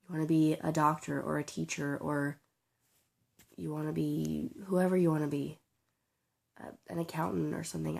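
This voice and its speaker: A young woman with a sore throat talking in a personal vlog, halting, tearful and full of restarts. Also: sits low, level tone, creaky, a little mellow. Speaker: vlogger.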